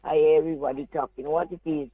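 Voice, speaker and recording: A woman calling into a radio show, talking in a warm, rambling, prayerful way. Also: sits low, fairly even intonation, fast, dry recording. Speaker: caller. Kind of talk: phone-in chat. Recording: tinny phone line.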